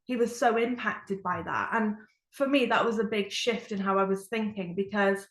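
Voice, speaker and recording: A woman's voice: medium pitch, moderate pace, fairly bright tone, reverberant. A woman giving an earnest, reflective personal testimony as a Christian speaker, with frequent fillers.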